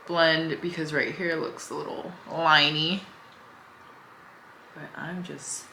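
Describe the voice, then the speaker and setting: A young woman chats her way through a makeup routine in a casual, easygoing way. Her voice sits low but comes across bright and clear. The room around her is echoey, with a faint hum underneath. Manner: chatty, talks while applying makeup, easygoing. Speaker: beauty vlogger. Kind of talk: casual makeup tutorial chat.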